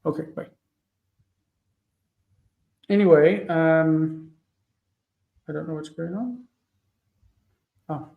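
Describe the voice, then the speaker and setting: A man teaching a casual live Bible Hebrew lesson, thinking aloud with many fillers and reading verses slowly before explaining them. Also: fairly high pitch, steady tone, vocal fry, narrow, tinny audio.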